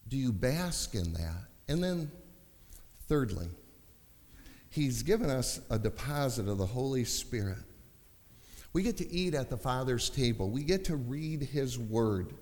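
A man preaching a sermon, passionate and building to shouts at times. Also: medium pitch. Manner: impassioned, rising to shouting. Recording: long hall reverb.

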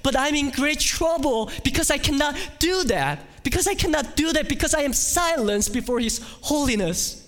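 An ancient prophet in anguish, crying woe in a strained, high, slow voice, as a preacher acts him out. Each cry rises and falls widely and hangs in a long hall reverb. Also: male voice, lively intonation, full character voice. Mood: despairing. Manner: high, slow, pleading cries.

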